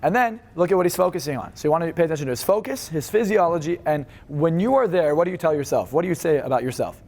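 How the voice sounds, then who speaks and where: A man leading a live seminar, energetic and fast, swearing freely as he instructs the room. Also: on the high side. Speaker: seminar speaker.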